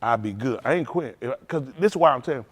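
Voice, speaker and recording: A male pastor giving an informal, animated testimony sermon at a service, talking straight to the congregation and laughing often. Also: medium pitch, quick pace. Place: synagogue service.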